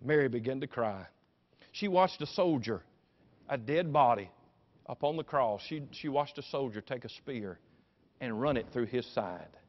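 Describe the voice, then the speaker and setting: A man's voice: medium pitch, animated, unhurried. A man preaching a sermon in a folksy, emphatic storytelling manner, on a dull recording with long reverb.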